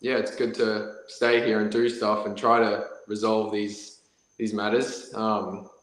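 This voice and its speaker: A man's voice: lowish voice, flat delivery, measured pace, fairly bright tone. An Australian man co-hosting a casual podcast, talking in a rambling, hesitant way with lots of fillers. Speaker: podcast co-host. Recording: echoey room.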